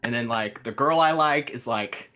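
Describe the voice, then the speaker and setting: A man's voice: mid-range voice, moderate pace, bright, forceful tone. A young man, a guest on a casual live show, joking and telling self-deprecating stories.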